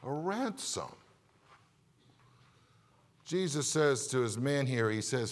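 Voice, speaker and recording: A man's voice: mid-range voice, animated, slow, pauses often, long reverb tail. A man preaching a sermon as a Baptist pastor, impassioned, asking the congregation rhetorical questions and building to emphatic peaks.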